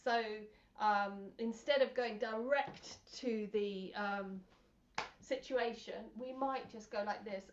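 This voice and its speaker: A woman with an English accent gives a casual pronunciation lesson to camera, hesitant and a little self-conscious, with many pauses. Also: a little high. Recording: roomy, distant, dull sound.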